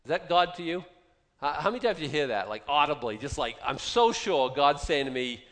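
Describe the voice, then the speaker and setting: A man's voice: fairly high pitch, moderate pace. 50s guy preaching, chatty, keeps asking the crowd questions, voice goes up and down a lot, long echo like a big hall. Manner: conversational, animated, asks the listeners questions. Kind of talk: sermon, Bible teaching.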